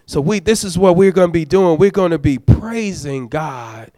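A man's voice: on the high side, moderate pace, hardly any pauses, dark tone, dry recording, studio quality. A man, a deacon, preaching a sermon, urging the congregation in a conversational, folksy way and prodding them for amens. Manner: exhorting, prods the congregation for amens.

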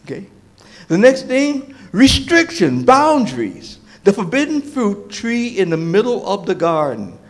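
Animated, lively-voiced male pastor. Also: sits high, measured pace. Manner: animated, emphatic, with fillers and restarts, asks the congregation questions. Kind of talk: sermon.

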